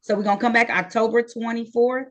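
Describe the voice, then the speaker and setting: Brisk friendly woman judge on a video call. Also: fairly high pitch, fairly even intonation. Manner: brisk, friendly, reads case numbers slowly. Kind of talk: virtual courtroom proceedings.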